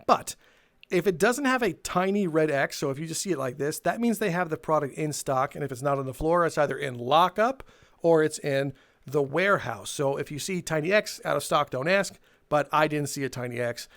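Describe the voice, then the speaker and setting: A young man telling a casual story for his video channel, animated and swearing, laughing between lines and acting out what people said. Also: a little high, fairly quick. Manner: animated, swearing, laughs mid-sentence, acts out quotes. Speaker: storytelling YouTuber.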